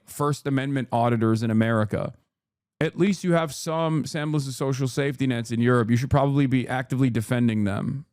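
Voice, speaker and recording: A man's voice: mid-range voice, a little mellow, no room sound. A man streaming ranting political commentary, heated, profane and sarcastic, on a close mic.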